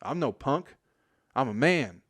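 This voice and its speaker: A man's voice: medium pitch, lively intonation, a little slow, fairly bright tone, slightly rough, no room sound. A man in his forties from Michigan, hosting a solo podcast in a crude, profane, rambling monologue that trails off into mumbles. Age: 40s. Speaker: podcast host.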